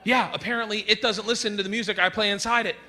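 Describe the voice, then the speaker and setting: A male stand-up comedian with a wry, deadpan delivery and mock-earnest asides. His voice sits a little high. The live recording has a clear layer of noise behind him. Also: fast. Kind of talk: stand-up routine. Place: live comedy stage before an audience.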